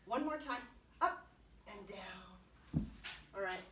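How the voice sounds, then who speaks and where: A woman's voice: mid-range voice, animated, takes it slowly, background noise. A woman children's librarian leading a kids' music and movement class, cheerful and encouraging, with playful sound words. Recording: roomy sound from a distant mic.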